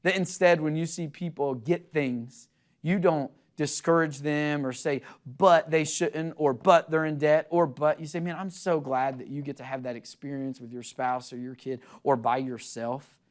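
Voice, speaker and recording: Earnest, animated young man preaching. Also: fairly high pitch, normal speed. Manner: earnest, animated storytelling with excited voiced quotes. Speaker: pastor. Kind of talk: sermon.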